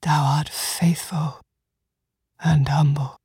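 A woman's voice: sits low, little pitch movement, takes it slowly, mellow, breathy edge, no echo, clean studio sound, pitched below the performer's own voice, full character voice. Woman whispering as an inhuman fountain spirit. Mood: solemn. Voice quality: whispered, unearthly.

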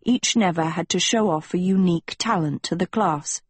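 A woman narrating an audiobook in a measured storytelling manner. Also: fairly low pitch, expressive, breathy edge, dry recording.

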